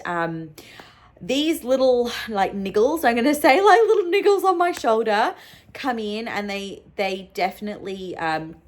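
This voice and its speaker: A young woman, a solo mum, talking openly and emotionally in a personal vlog, with lots of ums and likes. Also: mid-range voice. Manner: open and emotional, many fillers. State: sleep-deprived.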